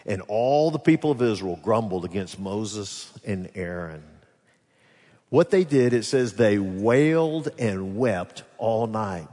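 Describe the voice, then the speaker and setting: A man preaching a sermon as pastor, animated, swinging between loud rises and quiet drops as he voices the people's complaints. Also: fairly low pitch, takes it slowly. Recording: long hall reverb.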